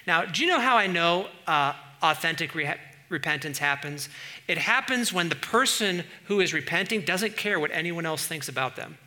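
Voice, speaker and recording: A middle-aged man preaching a sermon as pastor, animated, swinging from quiet asides to loud bursts. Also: fairly high pitch, normal speed.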